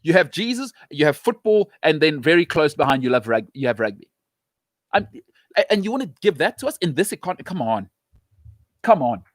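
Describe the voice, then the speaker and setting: Impassioned South African man, higher voice. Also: very animated, a little fast, no echo, studio quality. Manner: impassioned, emphatic, repeats for emphasis; reads out and answers live-chat comments. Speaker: show host. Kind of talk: live-stream commentary rant.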